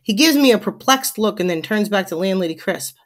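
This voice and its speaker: A woman teacher reading a children's chapter book aloud for her class. Her storytelling is animated and expressive, in a mid-pitched voice. She leans into the lively moments of the story. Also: brisk.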